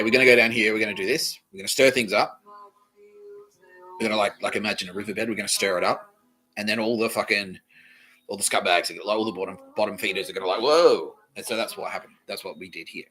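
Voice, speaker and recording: A man's voice: on the low side, rough recording. A man hosting a podcast, telling a rambling comedic story full of swearing and acted-out quotes. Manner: swearing, animated, acts out quoted voices. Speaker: podcast host.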